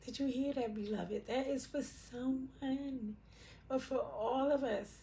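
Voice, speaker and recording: A middle-aged woman gives an intuitive tarot reading at an unhurried pace. Her speech wanders, full of fillers and restarts and the odd casual swear, and it sinks soft and emotional at times. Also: high-pitched, fairly even intonation, vocal fry. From Puerto Rican, raised in Brooklyn and Philadelphia. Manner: rambling and searching, many fillers and restarts, casual cussing. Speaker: tarot reader.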